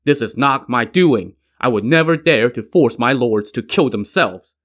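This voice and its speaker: A man's voice: mid-range voice, lively intonation, unhurried, a bit bright. A man reading as a torn loyal commander. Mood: earnest.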